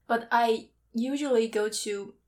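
A woman's voice: a little high, a little slow. A woman guesting on a podcast, chatting casually with giggles and self-teasing. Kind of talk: casual chat.

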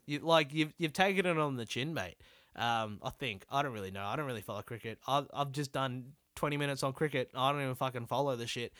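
A man's voice: medium pitch, fairly bright tone, no echo, clean studio sound. A young Australian man hosting a solo comedy podcast, rambling and swearing as he mocks himself. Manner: rambling, sweary and self-deprecating. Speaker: podcast host.

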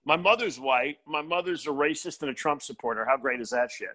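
On a casual podcast, a stand-up comedian guest, an older man, delivers blunt, profane stories packed with emphasis. He speaks briskly in a slightly high voice whose tone is bright and forceful.

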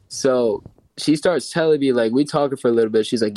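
A young man tells a wild personal story in loose, slangy chat, laughing as he goes. His voice sits at an ordinary pitch and is recorded dry and close, with no room sound. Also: normal speed, darkish tone, no room sound. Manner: slangy, laughing, says bro a lot. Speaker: guest storyteller.

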